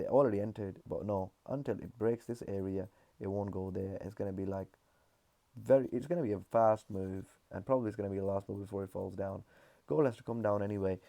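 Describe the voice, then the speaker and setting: Low, mellow-voiced man explaining charts. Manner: loose, repetitive explaining with frequent fillers. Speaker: trading analyst. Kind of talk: casual market chart walkthrough.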